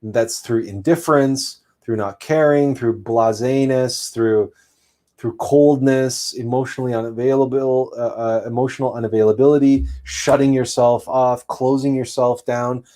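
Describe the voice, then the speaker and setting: A man's voice: mid-range voice, steady tone, moderate pace, warm tone. Male host, spiritual talk; earnest, emphatic, loose delivery with frequent restarts.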